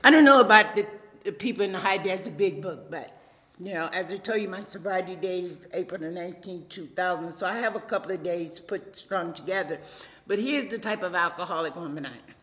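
A woman's voice: on the low side, a little fast, a bit bright. A middle-aged woman with a Louisiana accent, giving a chatty, joking personal testimony at a podium in a meeting room. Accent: Louisiana Southern. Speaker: speaker at a recovery meeting. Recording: reverberant hall.

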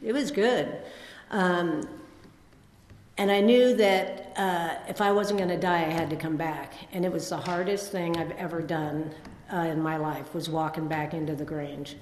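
A woman's voice: on the low side, steady tone, a little slow, darkish tone. A woman in her sixties giving a rambling, self-deprecating personal recovery testimony at a meeting, full of fillers and restarts. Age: 60s. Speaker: speaker sharing at a recovery meeting. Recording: echoey hall with long reverb.

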